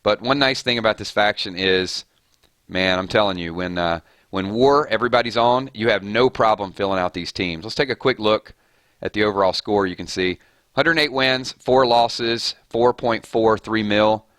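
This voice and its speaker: A man hosting a casual gaming live stream, chatting loosely with viewers and giving shout-outs, his voice a little hoarse. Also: fairly low pitch, moderate pace, dry recording. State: slightly hoarse. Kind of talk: casual live-stream chat over gameplay.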